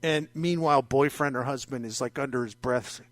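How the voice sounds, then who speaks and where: A man hosting a sports talk radio show, talking in a wry, conversational, animated way into a studio mic. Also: medium pitch, moderate pace, no echo. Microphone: studio microphone.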